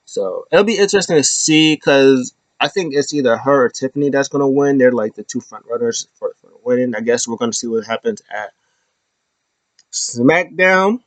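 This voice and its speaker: A man's voice: normal speed, no echo. Rambling man recapping wrestling, dry sound. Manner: loose and rambling, many fillers, acts out quotes with sudden high-pitched squeals. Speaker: wrestling show host. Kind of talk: casual recap commentary.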